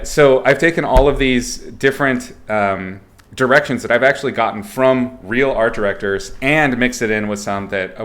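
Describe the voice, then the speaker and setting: Man, low voice, playful, laughs a lot, swears, casual livestream art lesson. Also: pushed and bright. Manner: rambling, with fillers and restarts. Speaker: art instructor streaming.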